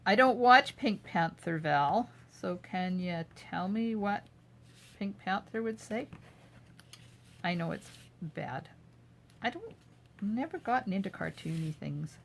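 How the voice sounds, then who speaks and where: In her home craft room, an older woman hosts a live craft demo, chattily narrating each step as she works and answering viewer comments. Her mid-range voice is expressive and gravelly, slow-paced with frequent pauses. There's a little hiss or hum.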